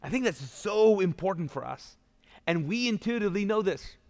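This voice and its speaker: A man's voice: sits high, lively intonation, moderate pace, a little mellow. A male pastor giving a live sermon in a church, talking in a conversational storytelling way with restarts and asides. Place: church auditorium. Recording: long church hall reverb.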